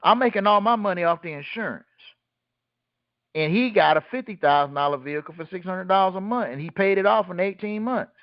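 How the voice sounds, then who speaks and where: This group-call host has a high-sitting, expressive voice and talks fairly quickly, with no room sound and the highs cut off. He teaches bluntly and colloquially, posing rhetorical questions to his listeners and supplying the answers.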